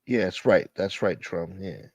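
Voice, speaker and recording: A man hosting a casual livestream, thanking donors and shouting out viewers by name in a profane, joking way. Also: sits low, expressive, a little slow, creaky, breathy edge, no room sound. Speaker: livestream host. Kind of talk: casual live chat reading donations.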